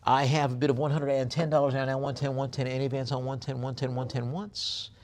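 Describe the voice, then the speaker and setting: A man working as a live auctioneer, reading out lot descriptions and then rattling off fast bid calls. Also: mid-range voice, little pitch movement, darkish tone, slight background noise.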